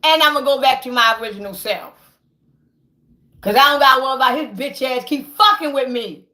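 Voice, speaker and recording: A woman's voice: high voice, a little fast, sharp tone. A woman in an impassioned, profane rant, heated and preachy, stammering when she gets worked up. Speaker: vlogger.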